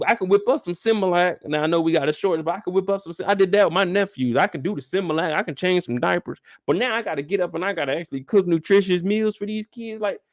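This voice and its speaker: This show host is a young man with a high voice, running a live after-show discussion full of loose, rambling, profane storytelling. The sound is clean and studio-like, with no echo.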